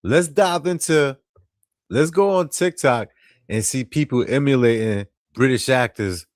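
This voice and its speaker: A man's voice: medium pitch, unhurried, dry recording, studio quality. A man hosting a show, casually chatting and reacting to comedy clips in a laid-back way. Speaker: host.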